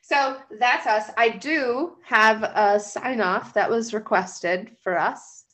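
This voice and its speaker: A woman's voice: on the high side, slow, fairly bright tone. A woman co-hosting a podcast over a video call, chatty and casual, swearing and laughing often. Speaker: podcast co-host. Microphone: remote call mic.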